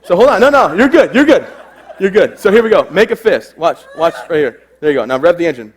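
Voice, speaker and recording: With a high-pitched, sing-song voice and a quick pace, a young adult keynote speaker gives a humorous talk to a live audience. He cracks jokes and tells stories that make fun of himself.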